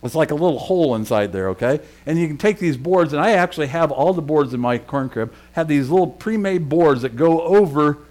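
A middle-aged male pastor preaching and telling a lively personal story, shouting and laughing at its peaks. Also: on the high side, fairly quick, hardly any pauses.

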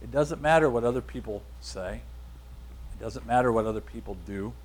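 A man's voice: mid-range voice, fairly quick. A man preaching a sermon, building emphatic repeated declarations and leading the congregation to say lines back. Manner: emphatic repetitive declarations, leads congregation call-and-response.

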